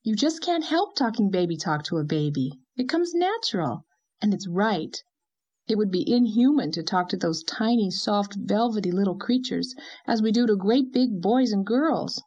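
A woman voicing a young mother who croons baby talk in a high, sing-song way. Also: lively intonation, normal speed, a little mellow, lo-fi sound, natural voice. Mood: playfully defiant.

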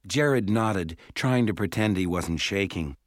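Low-voiced man narrating a story. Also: animated, a little slow, no room sound, studio quality. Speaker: audiobook narrator. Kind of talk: scripted narration.

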